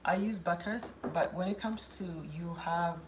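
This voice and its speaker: A woman's voice: on the low side, a little slow, a little hiss or hum. A woman hosting a casual live Q&A, reading out viewers' questions and answering them in a chatty, firm way. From South Sudan.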